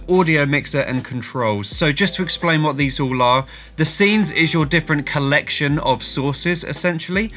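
Bright, upbeat tutorial host, man. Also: on the high side. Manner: upbeat and chatty, with slangy asides. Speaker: music streaming tutorial host. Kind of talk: casual tutorial vlog.

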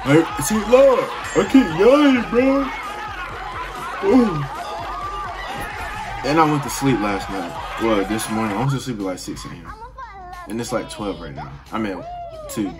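A man's voice: fairly low pitch, lively intonation, fairly quick, crowd noise. A man hosting a reaction video, talking in a laid-back, chatty way with frequent laughs and yawns. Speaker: reaction channel host. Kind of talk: casual reaction commentary. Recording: clear music behind the voice. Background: music playing from the reacted video.

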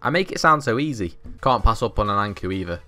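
A man's voice: fairly low pitch, expressive, fast talker, sharp tone. A young man, host of a gaming channel, giving cocky, boastful gameplay commentary full of banter and swearing.

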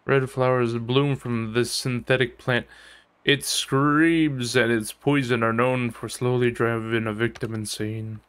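A man's voice: medium pitch, level tone, unhurried, fairly bright tone, clear, resonant tone. A man streaming a game live, swearing freely as he plays and reading the game's text aloud. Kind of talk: live gameplay commentary.

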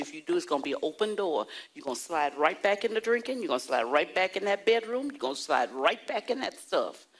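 A woman pastor preaching a sermon, animated and playful with the congregation. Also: on the low side. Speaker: pastor and prophetess.

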